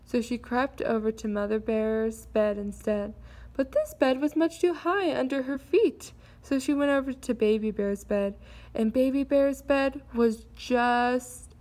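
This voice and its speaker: A woman reading a children's fairy tale aloud in an expressive storytelling manner. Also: on the high side.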